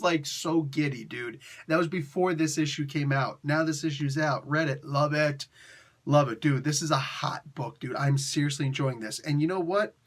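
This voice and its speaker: A young adult man giving a casual, excitable comic book review, laughing often and using slang. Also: on the high side.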